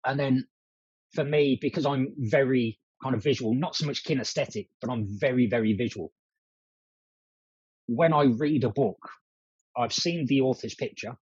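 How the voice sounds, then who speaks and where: A man talking earnestly in a casual podcast chat, often restarting and repeating words as he works through an idea. His voice is husky and middle-pitched. The sound is dry and a little dull, like a lo-fi remote line. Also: normal speed, pauses often, a little mellow, no room sound. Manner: earnest, repeats words while building a point. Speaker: podcast guest.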